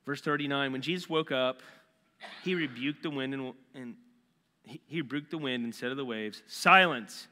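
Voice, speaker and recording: A man preaching a sermon as a pastor in a casual, animated way, full of slangy asides. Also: medium pitch, moderate pace. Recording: long reverb in a large hall.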